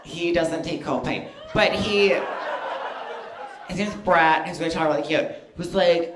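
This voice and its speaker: A man's voice: on the high side, steady tone, measured pace, echoey room, noisy background. A man in his thirties performing a stand-up comedy set on stage, chatty and self-deprecating, full of fillers and asides. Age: 30s. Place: stage in front of a live audience.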